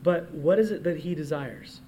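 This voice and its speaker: A man preaching a sermon as pastor. He moves from quiet asides to loud, emphatic declarations and reads scripture aloud. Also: a little high, moderate pace, slight background noise.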